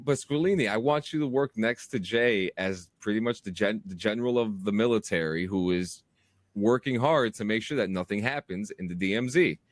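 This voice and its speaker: A man hosting a casual podcast chat, talking with lively restarts and stammers as he pitches roles in his audio drama. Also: moderate pace, no echo.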